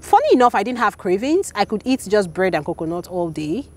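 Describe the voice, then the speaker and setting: A woman in her thirties, an interview guest telling a personal story in casual chat, animated and acting out the voices of people she quotes. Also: medium pitch, fairly quick.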